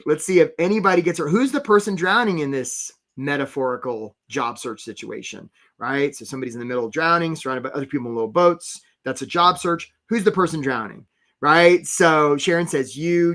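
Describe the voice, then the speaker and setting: A man coaching job seekers in a live webinar, talking fast and energetically and addressing viewers in the chat. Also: on the high side, a bit bright. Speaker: career coach hosting a webinar.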